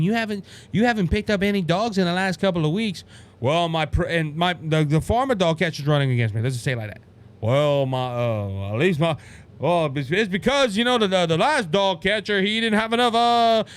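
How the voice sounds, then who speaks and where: A man's voice: sits high, fairly bright tone, clean tone. A man with a Louisiana Cajun accent hosting a political podcast, talking fervently and restarting his sentences often. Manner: fervent, repetitive, with stammered restarts. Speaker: podcast host. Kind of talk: political commentary monologue.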